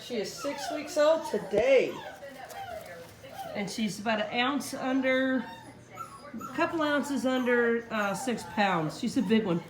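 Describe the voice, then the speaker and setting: Her fairly high voice is very animated yet slow as this puppy breeder narrates a casual home video of her litter, cooing, baby-talking, and laughing a lot. She's indoors at home with the dogs; the sound is roomy, with a crowd audible in the background.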